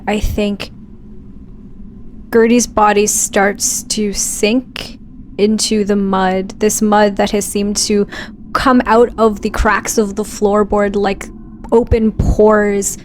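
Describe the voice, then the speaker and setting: A woman narrating her character's actions in a tabletop game, slow and descriptive with some hesitation. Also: mid-range voice, a little mellow, slight background noise. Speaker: player.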